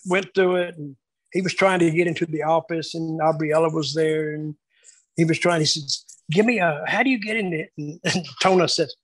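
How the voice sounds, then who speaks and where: A man reminiscing casually about his years booking shows, telling lively anecdotes and acting out the quotes. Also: a little high, moderate pace, dry recording, poor audio. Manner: animated storyteller acting out quotes. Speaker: wrestling booker telling stories.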